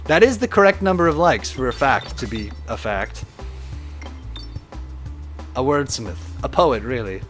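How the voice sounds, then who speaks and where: A man streaming a game live, chatting casually and reading viewer comments aloud in an animated way. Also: medium pitch, unhurried, pauses often, soft background music.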